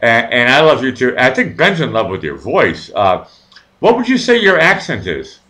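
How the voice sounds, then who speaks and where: A man hosts a live talk stream in a bright, tense voice, and his pitch swings widely. He rambles, stammers on fillers and throws in crude jokes. The pace is loose and chatty. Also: wildly swooping pitch, normal speed. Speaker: live show host. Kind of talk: casual live chat.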